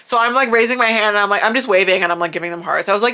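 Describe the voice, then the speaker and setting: A woman vlogger telling a story in a casual, animated way, full of "like" and laughter. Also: mid-range voice, racing, smooth. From United States. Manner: animated, chatty, peppered with "like" and laughter.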